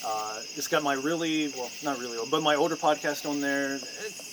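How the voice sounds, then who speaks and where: A young man chats as a podcast guest, friendly and a little hesitant. He fills his pauses with ums and uhs. Background noise hums under his voice. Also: on the high side. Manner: friendly, hesitant, many fillers. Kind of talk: casual chat.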